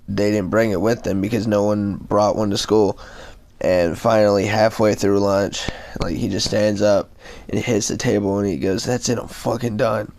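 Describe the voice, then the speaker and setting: A man's voice: fairly low pitch, vocal fry, darkish tone. A young man telling a school story in a rambling, laid-back way, full of fillers and swearing. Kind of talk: casual storytime.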